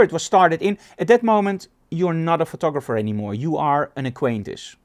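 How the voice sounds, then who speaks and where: A man's voice: fairly high pitch, moderate pace. A middle-aged man from the Netherlands, teaching a photography class and acting out little dialogues as he tells stories. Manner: animated storyteller, acts out dialogue. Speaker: photography instructor.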